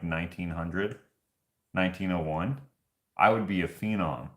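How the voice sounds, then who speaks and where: A man's voice: low voice, fairly bright tone. Rambling, jokey man in an echoey room. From Canada. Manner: rambling, jokey, laughs at own stories. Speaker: show host. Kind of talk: casual chat.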